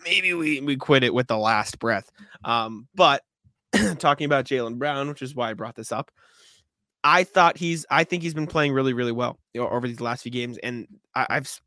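A man co-hosting a podcast in casual sports chat, rambling with restarts and clearing his throat, hiccuping. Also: medium pitch, moderate pace, pushed and bright, no room sound, studio quality. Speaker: podcast co-host.

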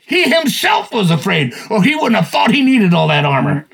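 Brief: older man, folksy storyteller, high-pitched and husky. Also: normal speed. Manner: folksy, animated, acts out voices. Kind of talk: casual Bible storytelling chat.

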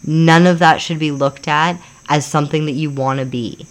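An emphatic podcast co-host who speaks in a mid-range voice, neither high nor low. The talk is casual and opinionated, full of "like" fillers, with quoted voices acted out. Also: fairly even intonation, normal speed.

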